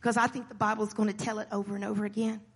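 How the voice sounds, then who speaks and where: A woman preacher delivering a sermon in a church hall, moving from quiet storytelling to shouted exhortation. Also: mid-range voice, little pitch movement, rapid-fire, husky. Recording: long hall reverb.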